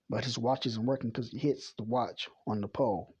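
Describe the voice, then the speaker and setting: A man reading a comic chapter aloud in a plain, unhurried way, correcting himself as he goes. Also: mid-range voice, fairly even intonation, darkish tone, slightly rough, dull audio. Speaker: comic reader.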